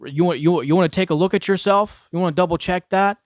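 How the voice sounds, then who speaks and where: A man voicing a gruff male military drill instructor who barks sarcastic, profane questions at a recruit. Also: high voice, fast talker, dry recording, clean studio sound, voice pushed up, natural voice. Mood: demanding.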